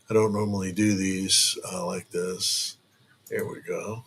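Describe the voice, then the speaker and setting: A man's voice: deep voice, level tone, slow, vocal fry, a bit bright, a little hiss or hum. A man hosting a casual true crime live stream from home. He rambles and jokes, with lots of fillers and restarts.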